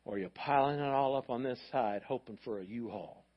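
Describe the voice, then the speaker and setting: A man preaching a sermon to his congregation. He talks in a lively, animated way and acts out voices of parents and of God. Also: mid-range voice, fairly quick, muffled recording. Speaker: pastor.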